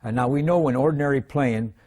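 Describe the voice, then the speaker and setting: Older guy teaching drums, calm and step by step, lots of little uh pauses, mid-pitched voice. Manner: calm, methodical explaining with frequent "uh" pauses. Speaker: drum instructor. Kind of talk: demonstrating drum technique.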